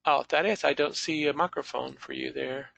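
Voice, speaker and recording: A man's voice: medium pitch, steady tone, moderate pace, vocal fry, a bit bright, no echo. A man teaching an online class over a video call, patiently calling on students by name.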